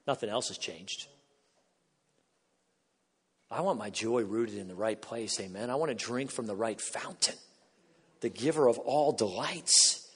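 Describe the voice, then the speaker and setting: A middle-aged man preaching a sermon as a pastor, swinging from quiet asides to loud, emphatic bursts. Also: medium pitch, slightly rough. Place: church sanctuary. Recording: long hall reverb.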